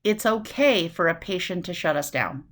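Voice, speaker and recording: A woman from New City, giving a recorded nursing lecture in a lively way, acting out quick voices and asides. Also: lowish voice. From New York City. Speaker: nursing instructor.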